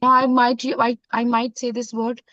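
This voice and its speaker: A woman with an Indian accent teaching a French class, mixing in Hindi and repeating phrases slowly. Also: on the high side, completely flat delivery, bright, forceful tone, no room sound. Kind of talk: online classroom lesson. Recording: dull, dry lo-fi sound.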